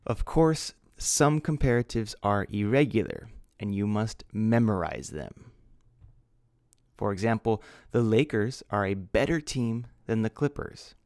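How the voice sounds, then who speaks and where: A man's voice: on the low side, expressive, unhurried, a little mellow, no room sound, clean studio sound. A man teaching English grammar, patiently spelling out words letter by letter. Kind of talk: slow grammar lesson.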